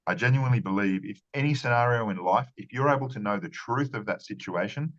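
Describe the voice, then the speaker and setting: A man's voice: lowish voice, fast, fairly bright tone, highs cut off. A man giving earnest conversational interview answers as a marketing strategist, often repeating words and restarting phrases.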